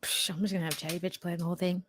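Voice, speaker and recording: A woman's voice: fairly low pitch, little pitch movement, very fast, a little hiss or hum. A young adult woman hosting a casual livestream, chatting with viewers and laughing often. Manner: chatty with lots of fillers. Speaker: livestream host. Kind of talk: casual live chat with viewers.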